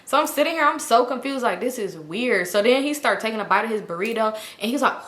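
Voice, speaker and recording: A woman telling a wild storytime to her viewers, animated and laughing, in a roomy room. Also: a little high, quick pace. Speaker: storytime vlogger. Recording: roomy echo.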